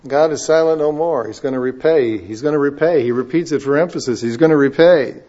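A man preaching a sermon, moving from quiet, conversational asides to loud, emphatic readings of scripture. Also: on the high side, brisk. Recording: dull lo-fi sound.

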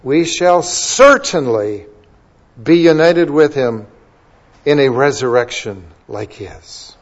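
A man's voice: mid-range voice, animated, highs cut off. A man preaching a sermon, asking rhetorical questions and rising to emphatic peaks as he quotes scripture references one after another. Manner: preaching, quoting scripture references in quick succession. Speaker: pastor.

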